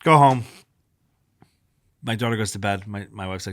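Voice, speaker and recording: A man in his thirties co-hosting a podcast, telling a long story in casual chat, animated, swearing freely and acting out what people said. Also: lowish voice, moderate pace, no room sound, studio quality. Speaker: podcast co-host.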